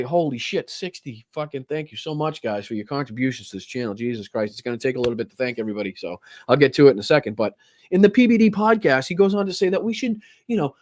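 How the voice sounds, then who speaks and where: A man's voice: fairly high pitch, darkish tone, dry recording, clean studio sound. A man hosting a political livestream, ranting angrily and swearing constantly, with stammering restarts. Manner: angry, profane, heated ranting. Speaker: political commentary host.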